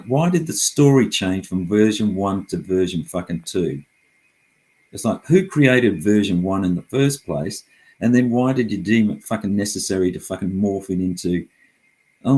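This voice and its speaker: A man's voice: low-pitched, darkish tone, rough recording. A middle-aged man talking casually and heatedly, frustrated and swearing often as he rambles through his complaints.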